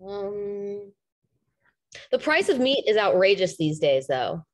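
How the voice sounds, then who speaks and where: Woman, teacher, lively swooping voice, giggly, video call. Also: mid-range voice, slow pace. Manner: animated, giggly. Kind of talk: casual online class chat.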